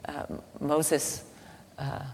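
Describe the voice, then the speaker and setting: A woman giving a slow, halting devotional teaching with a story, soft-spoken, recorded in an echoey hall with faint ambient noise. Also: sits low, level tone, slightly rough. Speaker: spiritual teacher.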